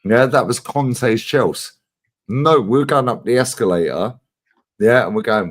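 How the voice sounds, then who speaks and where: A man's voice: medium pitch, a little slow. A man hosting a casual live chat, telling stories with lots of swearing. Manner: animated, swearing storyteller. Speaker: channel host.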